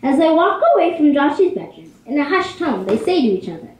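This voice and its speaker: A woman narrating a children's story in an expressive, lively way. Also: high-pitched, fairly quick. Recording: echoey room.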